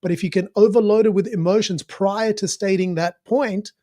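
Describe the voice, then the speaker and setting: Man, high voice, animated casual commentary full of fillers and restarts, analysing a clip. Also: moderate pace.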